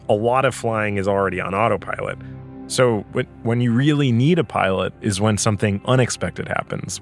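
A man's voice: fairly low pitch, creaky. A man hosting a podcast, talking in a reflective, casual way and laughing easily. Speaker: podcast host.

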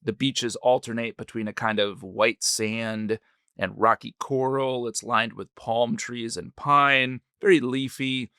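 A man's voice: medium pitch, fairly even intonation, a little slow, bright, forceful tone, clear, resonant tone, no echo, studio quality. A man co-hosting a podcast, playful and teasing, explaining history in casual chat. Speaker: podcast co-host.

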